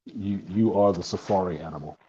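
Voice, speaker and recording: A man's voice: low-pitched, a little fast, breathy edge, highs cut off. A man co-hosting a live talk stream, telling crude, laughing stories in casual banter. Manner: crude, laughing, animated storytelling. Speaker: podcast co-host.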